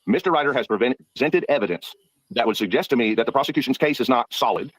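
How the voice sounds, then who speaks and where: A man's voice: medium pitch, expressive, fast talker, no room sound, poor audio. A man arguing heatedly as a panel guest, indignant and combative. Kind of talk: heated debate.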